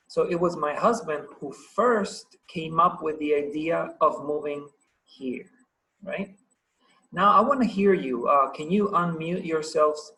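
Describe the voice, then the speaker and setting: Over a video call, a man with a Paraguayan Spanish accent teaches English grammar, patiently encouraging his students and asking them lots of questions. His voice is on the high side with a fairly bright tone, and the recording quality is low.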